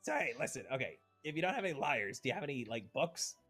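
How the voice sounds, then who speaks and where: A man's voice: medium pitch, very animated, quick pace, a bit bright, husky, faint music behind. A man running a tabletop game as game master, narrating with playful energy and frequent laughs.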